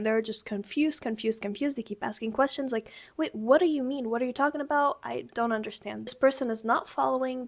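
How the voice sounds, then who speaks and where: A young woman teaching everyday sounds in a casual video lesson, chatty and acting out each sound with exaggerated tones. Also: high-pitched. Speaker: language teacher.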